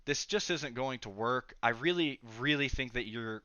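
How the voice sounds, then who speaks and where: A man's voice: medium pitch, moderate pace, sharp tone, clear, resonant tone, no room sound, lightly acted. Young man quoting a weary, doubtful teacher. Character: discouraging male schoolteacher, tired and doubtful.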